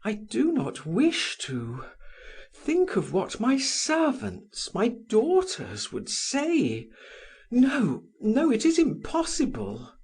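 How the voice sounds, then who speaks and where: A male narrator voicing an anxious married woman who protests in a high, trembling voice. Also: huge pitch swings, takes it slowly, darkish tone, husky, full character voice. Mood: distressed.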